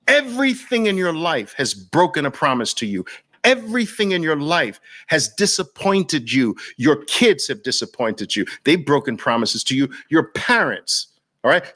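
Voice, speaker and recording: A man's voice: a little high, fairly bright tone. Fervent man with a New York accent. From Brooklyn. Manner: fervent, preachy, repetitive rhetorical questions. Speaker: host. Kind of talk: impassioned monologue to viewers.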